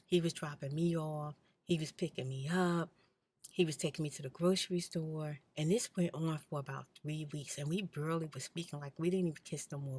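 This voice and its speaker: With a deep, breathy voice, an ASMR channel host shares her own story in a soft-spoken, frank and blunt manner, at times dropping into a whisper.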